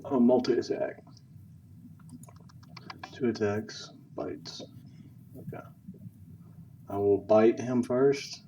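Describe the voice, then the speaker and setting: A man playing a tabletop game, asking the game master quick questions. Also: medium pitch, fairly even intonation, dark tone, slight background noise. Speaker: player. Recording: distant dull lo-fi mic.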